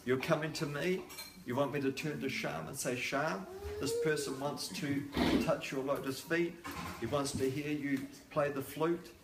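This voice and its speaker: A man voicing the goddess Radha in a sermon, a gentle, protective figure who fondly scolds eager devotees. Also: fairly high pitch, fairly even intonation, a little slow, vocal fry, heavy background noise, voice pushed up. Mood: tender. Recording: echoey room.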